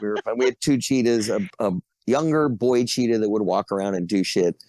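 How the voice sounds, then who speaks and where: Low-voiced rambling middle-aged man. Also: fairly quick, a crowd in the background. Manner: rambling storyteller, laughs between stories. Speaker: guest actor. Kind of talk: casual podcast anecdotes.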